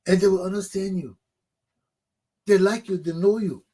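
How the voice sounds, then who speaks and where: Husky Liberian man, emphatic talk host. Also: high-pitched, fairly even intonation, normal speed, mellow. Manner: emphatic, preachy, repeats phrases. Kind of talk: animated opinion monologue.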